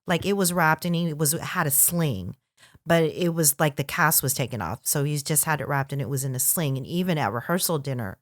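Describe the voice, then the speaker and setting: A woman telling a story in a relaxed podcast chat, her pitch leaping up and down as she acts out what people said. The sound is close and dry, with no room around it. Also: no room sound. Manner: animated, lively storyteller who acts out quotes. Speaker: podcast co-host.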